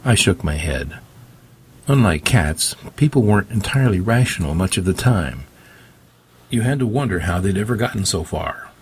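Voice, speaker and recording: Husky, low-voiced male narrator. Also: expressive, normal speed. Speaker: audiobook narrator. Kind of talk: first-person scripted narration.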